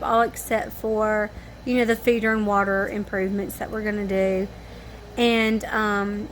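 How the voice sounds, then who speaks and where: A tired, yawning woman with a fairly high voice rambles casually to camera in her home at night. She's a family vlogger, and there's slight background noise.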